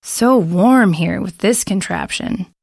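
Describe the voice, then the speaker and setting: A woman voicing a shy, polite young man in a spoken story, talking softly with a gravelly edge. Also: sits high, slow pace, no room sound, clean studio sound, exaggerated voice. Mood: shy, friendly.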